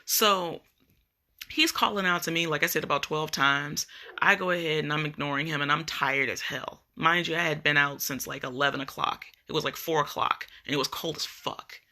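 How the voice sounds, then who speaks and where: A woman's voice: deep voice, moderate pace, bright, forceful tone. A woman vlogger ranting casually on a live video, blunt and profane as she tells her story.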